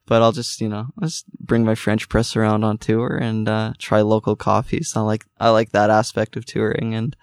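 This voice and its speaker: A man's voice: fairly low pitch, little pitch movement, moderate pace, hardly any pauses, clear, resonant tone, no echo, studio quality. A young man, a musician guest, chatting casually in an interview, rambling with many fillers and restarts.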